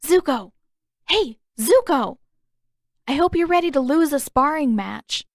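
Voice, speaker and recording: A woman voicing a bold teenage girl waterbender who talks loud and insistent, in a dry-sounding storybook reading. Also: a little high, expressive, a little slow, no room sound, voice pushed up. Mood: teasing.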